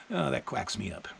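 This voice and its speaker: A man vlogging in a casual, plainspoken monologue, telling his thoughts and a story at an unhurried pace. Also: medium pitch, vocal fry, slight background noise, poor audio.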